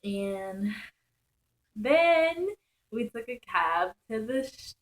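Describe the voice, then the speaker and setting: A young woman vlogger recounts a crazy night out in loose, slangy storytime fashion. She speaks slowly, with a voice that sits a little high. She stays animated and breaks into laughter often. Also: poor audio. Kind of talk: casual storytelling.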